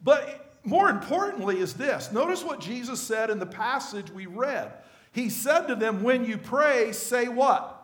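A man's voice: very high-pitched, expressive, a little slow, fairly bright tone, reverberant. A male pastor giving a conversational sermon to his congregation, often asking them questions. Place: church sanctuary.

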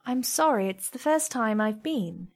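A woman's voice: fairly high pitch, lively intonation. A woman voicing a tearful, shaky young man. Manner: shaky, halting speech.

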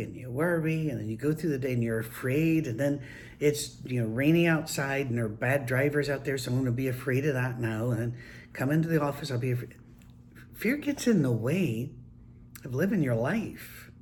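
An older man, a grandfather, telling casual anecdotes in a relaxed, folksy, wry way. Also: mid-range voice. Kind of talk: casual storytelling monologue.

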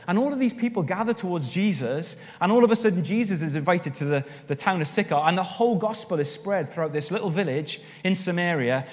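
Pastor preaching in a reverberant hall. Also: male voice, high-pitched. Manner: animated storytelling, rising with emphasis. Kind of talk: sermon. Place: church hall. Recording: long reverb of a church hall.

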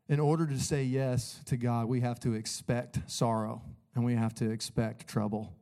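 Casual, energetic male preacher. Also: medium pitch, moderate pace, hardly any pauses. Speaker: pastor. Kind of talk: sermon.

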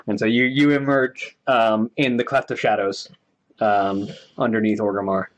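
A man's voice: lowish voice, level tone, moderate pace, slight background noise. A man narrating a tabletop game as game master, hesitant, with many filler words.

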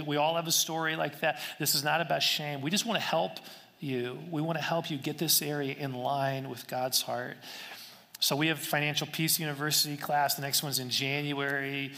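Pastor, male, somewhat high voice; earnest, chatty sermon delivery with restarts; long hall reverb. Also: pushed and bright. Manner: earnest, conversational, with repeated phrases and restarts. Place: church sanctuary. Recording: long echo of a large hall.

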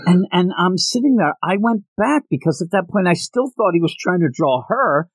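Brief: a jokey, animated male podcast co-host with a lively voice who often restarts his sentences, recorded dry. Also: sits high, moderate pace, no echo. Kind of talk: casual chat.

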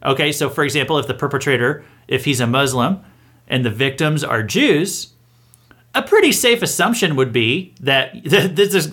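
A man's voice: fairly high pitch, a bit bright. A man hosting a satirical news round-up, giving opinionated commentary in a sarcastic, mocking tone and chuckling between points. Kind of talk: opinionated political commentary monologue.

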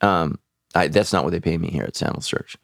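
A man's voice: deep voice, brisk, vocal fry, dry recording, clean studio sound. A man, a pastor answering listener questions in a casual podcast chat, speaking frankly with joking asides and frequent restarts.

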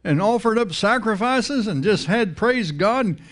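A man's voice: high voice, expressive, a little slow, fairly bright tone. A man preaching a sermon in a conversational style, repeating words and asking the congregation questions.

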